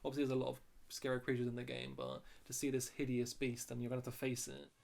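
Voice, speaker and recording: Fast-talking gravelly man, halting. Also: mid-range voice, completely flat delivery, darkish tone. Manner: hesitant, restarts a lot. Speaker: podcast co-host. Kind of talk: casual chat.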